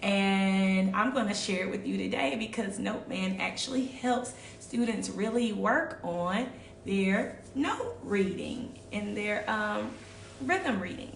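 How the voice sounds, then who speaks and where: Slow, patient woman teaching a music lesson. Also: mid-range voice, vocal fry, fairly bright tone, distant mic, slight background noise. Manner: patient, repeats and checks in with "all right?". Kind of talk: online music lesson for children. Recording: echoey room, voice away from mic.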